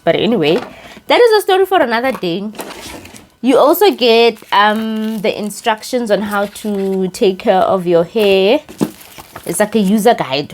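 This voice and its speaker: A young South African woman chatting casually as she reviews a wig, excitable and expressive, switching languages mid-sentence. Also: mid-range voice, slight background noise. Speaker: beauty YouTuber reviewing a wig. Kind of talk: casual chat.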